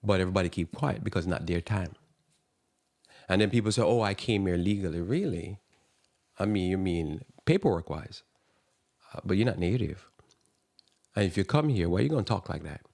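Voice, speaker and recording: A man with a fairly low voice hosts a Christian radio talk show in a preaching style. He fires off indignant rhetorical questions, and his pitch leaps up when he is outraged. His phrasing is loose and rambling, full of restarts. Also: animated, moderate pace, gravelly, long pauses, darkish tone.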